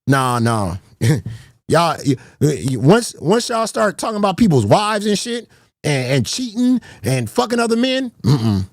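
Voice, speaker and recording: A man's voice: a little high, very animated, a little slow, dry recording, clean studio sound. A man streaming a heated, profane rant, confrontational and repeating himself as he calls out rivals. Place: garage.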